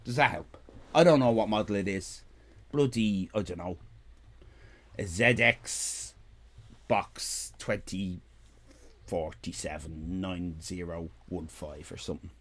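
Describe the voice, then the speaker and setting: A man's voice: deep voice, takes it slowly, long pauses, a bit bright. A man in his fifties with an Irish accent, chatting casually on a live stream, rambling, repeating himself and joking with his chat. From Ireland. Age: 50s.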